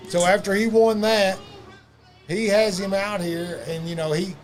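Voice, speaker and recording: A man's voice: sits high, fairly even intonation, measured pace, soft background music. Man spinning loose wrestling stories. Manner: loose, profane storytelling with lots of fillers. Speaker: wrestling podcast guest. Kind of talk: casual storytelling chat.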